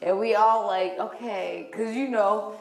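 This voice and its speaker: A woman co-hosting a podcast, telling a story in casual chat, animated and profane, loudly acting out the lines she quotes. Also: mid-range voice, measured pace, gravelly, roomy sound. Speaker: podcast co-host.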